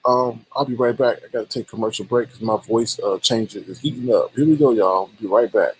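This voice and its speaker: A man's voice: lowish voice, fairly quick, slightly rough. A man hosting a livestream, ranting and scolding in sassy, slangy commentary. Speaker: livestream host.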